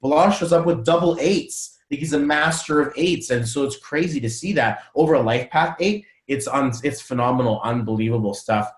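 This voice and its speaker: An animated man speaks as a coach, in a voice of middling pitch, and he keeps the talk loose and gushing. He leans on slang and fillers. He comes through a video call from a room with a noticeable echo. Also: moderate pace, hardly any pauses. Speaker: numerology coach. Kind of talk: casual webinar talk.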